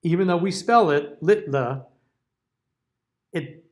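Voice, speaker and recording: Man, higher-pitched voice, diction teacher, lecture, slow word-list reading, frequent "okay?" check-ins. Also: a little mellow. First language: English. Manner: checks in often with "okay?" and "all right?"; reads out word lists slowly and deliberately. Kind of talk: classroom lecture.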